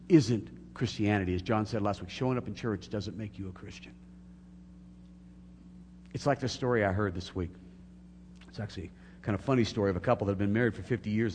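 In a church sanctuary, a middle-aged male pastor with a lowish, darkish voice preaches earnestly, building to emphatic peaks. The recording carries a long hall reverb and a faint hum.

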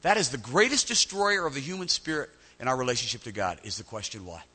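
A male pastor preaching a sermon, animated, often repeating words as he starts a phrase. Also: mid-range voice, fast talker, breathy edge, long reverb tail.

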